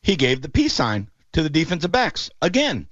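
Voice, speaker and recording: Animated man ranting about football calls. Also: a little high, moderate pace, dry recording, muffled recording. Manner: animated storyteller, mocking voices in quotes. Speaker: podcast host. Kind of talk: casual sports talk.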